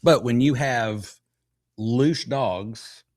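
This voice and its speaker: A man co-hosting a podcast in casual chat, talking haltingly with frequent restarts. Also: medium pitch, a little mellow. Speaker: podcast co-host. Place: live podcast recording.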